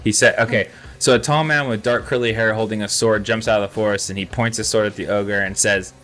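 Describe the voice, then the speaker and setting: A man runs a tabletop game in a loose, casual way, pausing to check rules and swearing freely. His voice is fairly low, and faint music plays underneath. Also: steady tone, a bit bright. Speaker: game master.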